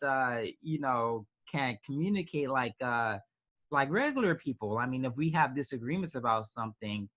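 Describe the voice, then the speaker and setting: A man's voice: medium pitch, fairly bright tone. A man in his twenties, an interview guest telling a personal story casually, with many restarts and fillers. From United States. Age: 20s.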